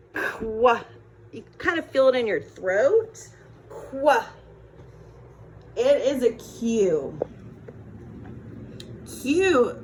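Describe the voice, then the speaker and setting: Slow, patient woman teaching phonics. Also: a little high, slight background noise, rough recording. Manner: slow, patient, encouraging sounding-out. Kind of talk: phonics lesson recorded on phone. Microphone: phone, set down and picked up.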